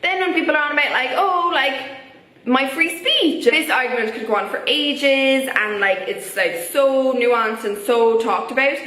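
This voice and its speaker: A woman's voice: fairly high pitch, moderate pace, few pauses, sharp tone. A young woman with an Irish accent giving her opinions in a casual vlog, chatty and full of filler words. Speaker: vlogger. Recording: echoey room.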